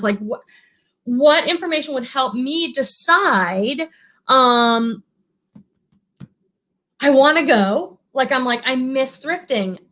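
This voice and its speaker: A woman's voice: sits high, fairly bright tone. A woman who resells thrifted goods online, chatting casually on a livestream and reading viewer comments aloud.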